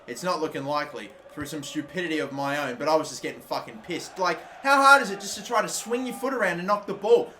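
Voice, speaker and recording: High, bright young man cursing at a game. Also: slight background noise. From Australia. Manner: swears constantly, frustrated, erupts into shouts. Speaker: gaming YouTuber. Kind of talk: live gameplay commentary.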